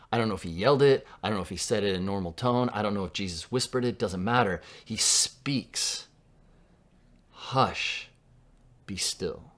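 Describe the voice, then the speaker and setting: A man from Southern California preaching a sermon in a conversational way, dropping to a hush for quoted lines. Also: fairly low pitch. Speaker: pastor.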